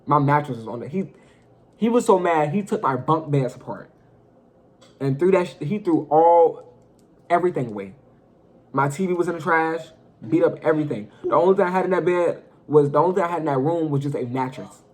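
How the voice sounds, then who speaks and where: A young man telling a personal story in a casual vlog, animated and profane, talking straight to his viewers. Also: on the high side, a little fast. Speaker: storyteller vlogger.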